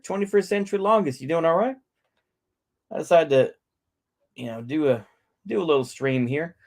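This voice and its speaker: A man's voice: on the high side, normal speed, long pauses, darkish tone. Middle-aged guy ranting on his stream, swears a lot, rambles and repeats himself. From North Texas. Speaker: livestream host. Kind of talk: casual livestream rant.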